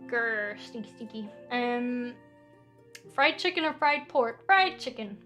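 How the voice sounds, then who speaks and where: High-voiced Scottish woman chatting on stream. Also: expressive, takes it slowly, sharp tone, faint music behind. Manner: chatty, rambling, self-deprecating. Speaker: VTuber streamer. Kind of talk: casual Q&A stream chat.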